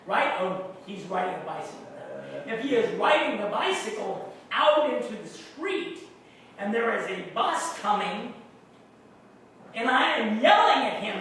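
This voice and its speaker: Male pastor, high, bright voice with a lively swing, slow sermon delivery, recorded from a distance in a very reverberant church hall. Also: slight background noise. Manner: slow, deliberate, asks the congregation questions. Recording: very echoey room, mic far off.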